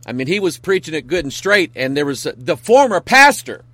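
A man's voice: fairly high pitch, very animated, brisk, sharp tone, no room sound. A man, a pastor, hosting a talk show in a casual, earnest monologue that rambles and grows emphatic.

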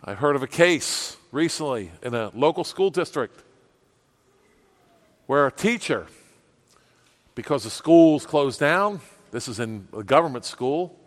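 A man's voice: mid-range voice, expressive, measured pace, pauses often. Impassioned preacher man in a reverberant hall. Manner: impassioned, swinging from loud outbursts to hushed asides. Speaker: pastor. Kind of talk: sermon. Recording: long reverb of a church hall.

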